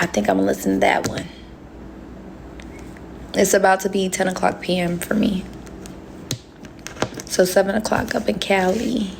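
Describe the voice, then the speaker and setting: A woman talks loosely to her viewers on a phone livestream. Her voice has a gravelly, fry-laden edge at a mid pitch. She rambles from thought to thought and laughs often. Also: noisy background. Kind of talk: casual livestream chat.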